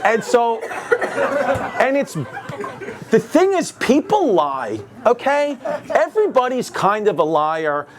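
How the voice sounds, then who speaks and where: Excitable New man on a comedy stage. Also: very high voice, takes it slowly, long pauses, some chatter behind. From New York. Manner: excitable, jumps into acted quotes, laughing audience. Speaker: stand-up comedian. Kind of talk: stand-up storytelling.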